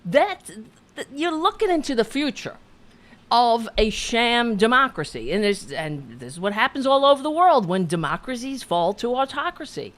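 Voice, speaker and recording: A woman's voice: on the high side, very animated, a bit bright. Heated, profane woman ranting. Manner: profane, heated, halting restarts. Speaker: political commentary host. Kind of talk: angry political rant.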